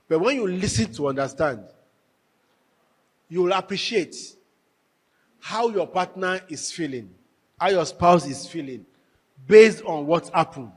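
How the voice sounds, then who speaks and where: Male workshop speaker, high voice, animated storyteller. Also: measured pace, pauses often, slightly rough. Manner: animated storytelling, acting out both spouses. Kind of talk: lively workshop talk with acted anecdotes. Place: workshop hall.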